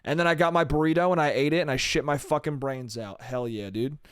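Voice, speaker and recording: Profane rambling young man, smooth voice. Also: on the high side, quick pace, no room sound, studio quality. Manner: rambling, profane, laughs at himself. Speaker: solo podcast host. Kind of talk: casual comedic monologue.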